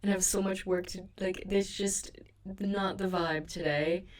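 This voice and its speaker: Her medium-pitched voice stays steady and unhurried, with slight background noise in the recording. The young adult podcast host chats alone from her bedroom, rambling sleepily and self-deprecatingly while a bit sick in the throat.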